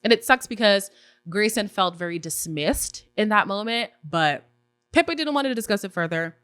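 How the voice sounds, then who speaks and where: A woman hosting a casual recap podcast, opinionated and animated, often acting out what others said. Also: medium pitch, normal speed, clean tone, no echo, studio quality, soft background music. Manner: opinionated, animated, acts out quotes in voices. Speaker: podcast host recapping a reality show.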